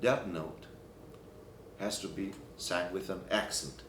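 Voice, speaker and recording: A man teaching a Byzantine chant class, explaining in halting phrases and breaking into short sung examples. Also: deep voice, fairly bright tone, slight background noise. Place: church hall or classroom. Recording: echoey room, recorded from a distance.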